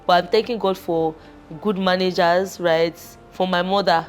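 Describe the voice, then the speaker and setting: A young woman with a Nigerian accent, chatting as a guest in a lively, emotional way and slipping in and out of Pidgin. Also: on the low side, moderate pace, faint music behind. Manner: animated, switches into Pidgin, emotional. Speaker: guest, fashion entrepreneur. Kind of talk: casual chat.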